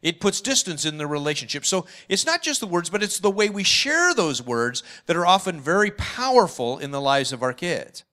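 Man, parenting talk, lively swooping pitch, enthusiastic, animated. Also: normal speed, few pauses. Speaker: parenting seminar speaker.

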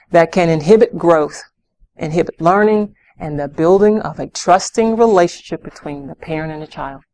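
A woman's voice: mid-range voice, a little mellow. A middle-aged woman giving a parenting workshop, asking her audience questions and acting out scenes between parents and children.

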